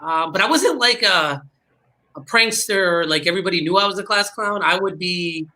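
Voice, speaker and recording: A man, a comedian guest, telling a story with quick jokes and asides. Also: high voice, animated, pushed and bright. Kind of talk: casual comedians' chat.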